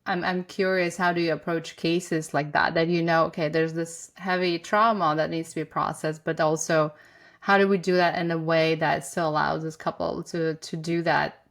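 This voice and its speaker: Woman, podcast host, thoughtful questions, very low voice, gravelly fry. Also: flat delivery, normal speed. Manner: soft, thoughtful questions with "um" and "right". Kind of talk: conversational interview.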